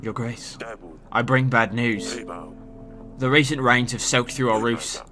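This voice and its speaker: A man's voice: medium pitch, steady tone, measured pace, music in the background, natural voice. A man voicing a grumbling male peasant in a game, with a put-on West Country English accent and a gloomy, mumbling delivery.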